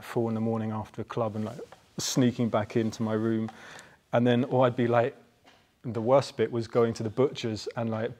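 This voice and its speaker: A man in his forties casually telling personal stories in a chatty, rambling way, often tagging his points with a questioning "yeah?". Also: mid-range voice. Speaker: Buddhist practitioner.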